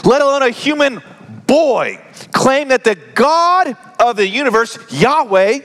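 A middle-aged man preaching a sermon, joking with the congregation and swinging from loud emphasis down to hushed whispers. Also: very high voice, expressive, measured pace. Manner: conversational, joking asides to the congregation. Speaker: pastor. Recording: long reverb of a large hall.

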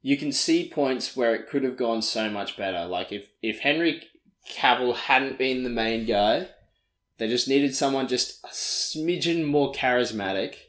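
A man's voice: medium pitch, a little slow, a bit bright. Rambling man, echoey room. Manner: rambling, filler-heavy recap with laughs. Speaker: podcast co-host. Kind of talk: casual chat.

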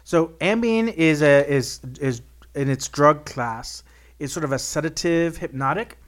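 A man co-hosting a podcast, chatting casually with wry asides and halting, self-correcting explanations. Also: fairly high pitch. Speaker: podcast co-host. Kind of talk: casual chat.

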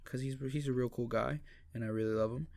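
A man's voice: medium pitch, fairly even intonation, quick pace, vocal fry, a little mellow, no echo. Young guy co-hosting a podcast, rambles and swears a lot, dead dry mic. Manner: rambling, profane, restarts a lot. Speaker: podcast co-host. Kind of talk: casual chat.

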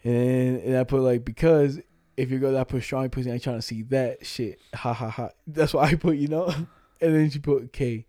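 Recorded cleanly in the studio with no echo, a twenty-something male podcast co-host talks at normal speed with a medium pitch and barely any pauses. He tells a casual, profane story with animation, voicing the chat lines he quotes.

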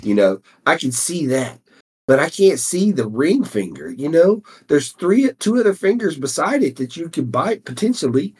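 A man co-hosting a podcast in relaxed banter, with a husky, slightly raised voice that rises and falls a lot. He often stumbles and repeats words before he gets going. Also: fairly high pitch. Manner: halting, repeats words when starting a thought. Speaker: podcast co-host.

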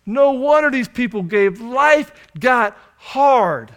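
A young man preaching from the pulpit. His voice sits high for a man, and he drives his points home with repeated phrases. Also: lively intonation, slow, a bit bright, highs cut off. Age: young adult. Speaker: pastor. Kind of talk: sermon.

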